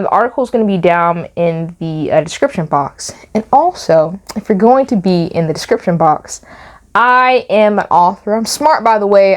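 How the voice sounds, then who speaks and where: Young woman ranting on her channel, exasperated, keeps repeating herself for effect. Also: medium pitch. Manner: animated, exasperated, repeats phrases for emphasis. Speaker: YouTube commentator and author. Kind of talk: casual commentary vlog.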